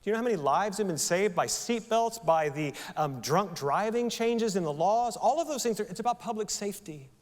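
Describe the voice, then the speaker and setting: A man's voice: high voice, expressive, brisk, hardly any pauses, big-room sound. A male pastor preaching a sermon in a conversational style, often asking the congregation rhetorical questions. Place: church sanctuary.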